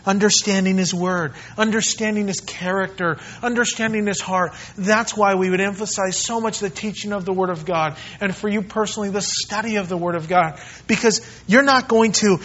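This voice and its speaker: A man preaching a sermon as pastor, animated, acting out the voices of people in the story. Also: high voice, lo-fi sound. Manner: animated preaching, acts out the disciples. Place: church.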